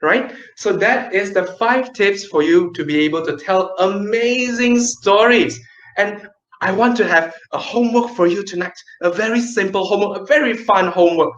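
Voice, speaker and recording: A man teaching an online kids' storytelling class, lively and playful, with dramatic pauses. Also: high-pitched, reverberant, highs cut off.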